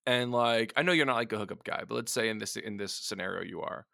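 Gravelly, bright-voiced man joking crudely. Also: on the low side, quick pace, no echo, clean studio sound. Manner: crude joking, acts out voices of others, laughs often. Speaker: podcast host. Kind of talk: casual comedic chat.

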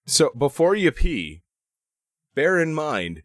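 Canadian guy, lively pitch, dry close sound, playful. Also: slow pace, no echo. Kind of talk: casual chat.

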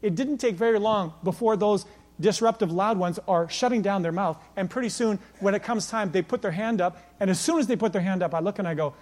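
A middle-aged man preaching a sermon as pastor, emphatic and rhetorical, building to near-shouts at his peaks. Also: high-pitched, brisk. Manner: repeats "can I tell you" rhetorically.

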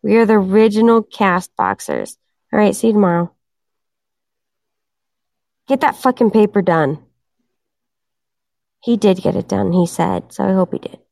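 A tired, hoarse woman hosting a casual livestream and chatting with her viewers. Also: medium pitch, big pitch swings, normal speed, long pauses, a little mellow, no echo, studio quality. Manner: chatty, addresses viewers in chat. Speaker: livestream host.

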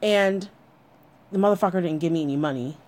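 A woman's voice: on the low side, fairly quick, darkish tone. A woman telling a personal story in a blunt, candid way, swearing freely as she talks.

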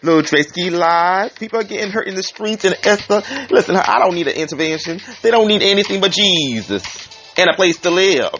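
A man's voice: sits high, expressive, brisk, faint music behind. A man hosting a community talk show, sassy and theatrical, calling listeners honey and child. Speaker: community radio host. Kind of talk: flamboyant comic commentary. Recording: dull lo-fi recording with loud hiss.

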